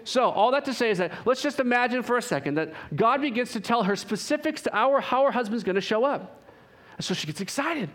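A man preaching a sermon, swinging from loud emphatic lines to hushed, drawn-out phrases. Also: on the high side.

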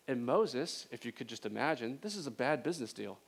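A man preaching a sermon in a casual, animated storytelling way. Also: medium pitch, a little fast, vocal fry, hardly any pauses, breathy edge.

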